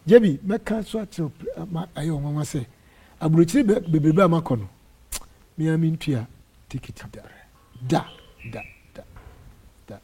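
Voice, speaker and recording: A middle-aged man from Ghana, an apostle, telling animated stories in an interview and acting out the dialogue. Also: on the high side, husky. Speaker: apostle and church area head. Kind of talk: storytelling interview testimony.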